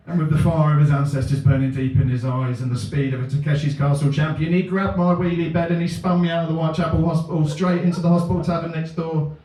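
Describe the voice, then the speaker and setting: A man doing a deadpan, self-mocking stand-up set in a comedy venue. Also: a little high, fast, few pauses, slight background noise. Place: comedy venue with a live audience. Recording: echoey room, mic at a distance.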